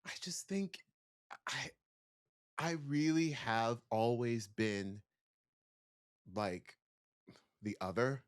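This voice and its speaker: Slow, reflective man in a dressing room. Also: mid-range voice, clean tone. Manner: searching, heavy use of "like" fillers. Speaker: guest, stage performer. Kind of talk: reflective interview answers.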